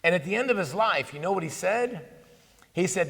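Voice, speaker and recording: A man in his fifties giving a conversational, animated talk on Catholic faith at a conference, telling stories with asides. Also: mid-range voice, fairly quick. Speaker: conference speaker. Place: conference hall. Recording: long hall reverb.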